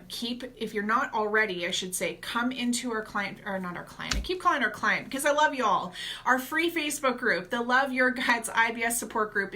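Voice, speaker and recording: A woman gut health coach giving casual, energetic advice straight to her viewers in a chatty vlog. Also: mid-range voice.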